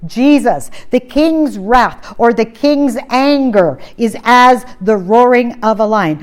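Woman preaching with emphatic repetition. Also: a little high. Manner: emphatic, repeats phrases, rhetorical questions; slows down to read scripture aloud. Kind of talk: sermon.

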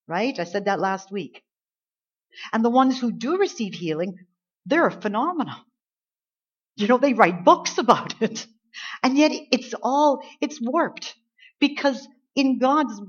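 Dull-recorded woman preaching a sermon. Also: mid-range voice. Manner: rises to emphatic peaks, drops to soft earnest tones. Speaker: pastor.

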